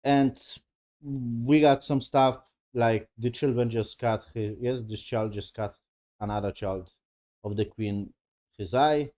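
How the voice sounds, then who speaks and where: Swearing man with a mellow voice. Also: medium pitch, slow. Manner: rambling, swears freely, paraphrases scenes loosely; broken non-native English grammar. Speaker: TV show reviewer. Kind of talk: casual spoken episode review.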